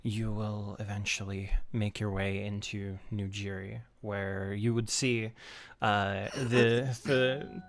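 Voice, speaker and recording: Low-voiced man narrating as game master. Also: little pitch movement. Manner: unhurried narration with many fillers.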